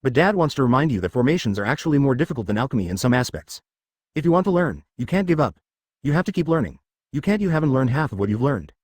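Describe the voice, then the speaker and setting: A man voicing a gentle, doting immortal emperor who talks to his wife and daughter with a smile, recorded close and dry. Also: mid-range voice, big pitch swings, fast talker, no room sound. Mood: gently reassuring. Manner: smiling, reassuring.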